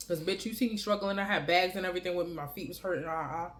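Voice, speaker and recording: A woman's voice: on the low side, racing, fairly bright tone. Blunt, profane woman telling a story. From New York City. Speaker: vlogger. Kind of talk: casual storytelling to camera.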